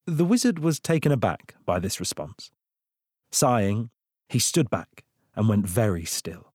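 A man narrating a children's storybook in an expressive, unhurried reading. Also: on the low side, no echo, studio quality. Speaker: audiobook narrator.

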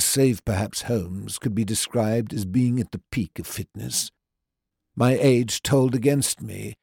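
A man narrating a story in the first person, with a measured, even delivery. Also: medium pitch, slightly rough, dry recording, studio quality. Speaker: audiobook narrator.

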